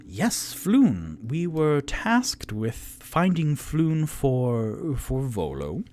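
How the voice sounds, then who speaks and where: A man voicing a polite, modest male adventurer in a tabletop game, speaking courteously and a little haltingly. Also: medium pitch, huge pitch swings, darkish tone, full character voice. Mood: earnest.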